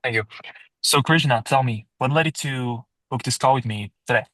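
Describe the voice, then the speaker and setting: A man playing a salesperson in a sales roleplay, calmly asking questions and restating the answers. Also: mid-range voice, normal speed, no echo, poor audio.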